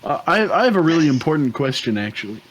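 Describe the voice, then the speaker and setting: A man's voice: a little high, very animated, quick pace. A man arguing playfully over word meanings in casual chat before a tabletop game. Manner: chatty, argumentative, giggly. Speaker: player.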